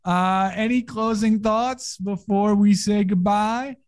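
A man's voice: high voice, fairly even intonation, takes it slowly, clean tone. A man hosting a casual podcast chat, talking unhurriedly with plenty of fillers and little chuckles. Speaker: podcast host.

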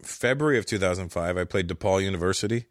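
A man's voice: sits low, quick pace, dry recording, clean studio sound. A male comedian as a podcast guest at his house, telling stories in a casual chat and laughing often.

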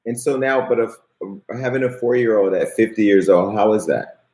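A man hosts a casual sit-down interview, asking questions in a relaxed way and laughing easily at his guest's stories. The room gives his voice a noticeable echo. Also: lowish voice, normal speed. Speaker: host. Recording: roomy echo.

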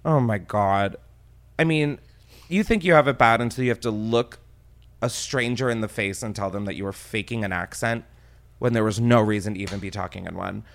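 A man's voice: moderate pace, vocal fry. A man hosting a podcast, telling rambling, self-mocking stories in a casual comedic way and swearing freely. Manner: animated, swings into high excited tones. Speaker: podcast host.

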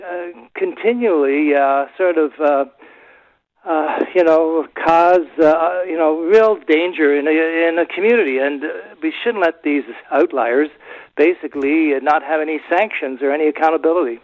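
A man's voice: on the high side, moderate pace, no echo. A man, a city councillor, speaking as a guest with many hesitations and fillers. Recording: dull remote line.

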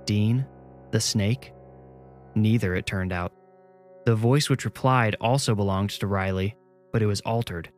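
A man narrating a scripted horror story in a measured, suspenseful way. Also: fairly low pitch, soft background music.

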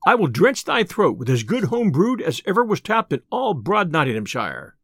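Man voicing a merry outlaw, teasing, jovial, lively pitch, old-fashioned speech, dry close sound. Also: normal speed, gravelly, husky, dry recording, full character voice. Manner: jovial, mocking archaic speech. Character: merry, teasing male outlaw, young adult.

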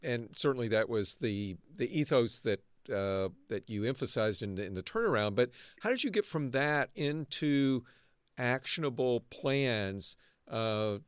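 A man with a smooth, resonant voice poses an interview question in a measured, thoughtful way. The recording is close and dry, with no room sound. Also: medium pitch, lively intonation, no room sound. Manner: measured, rephrases his question in long build-ups. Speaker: interview host, university dean.

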